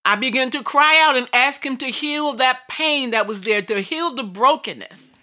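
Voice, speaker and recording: Bright-voiced woman preaching. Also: high voice, normal speed. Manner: emphatic, repetitive storytelling. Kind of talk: sermon testimony.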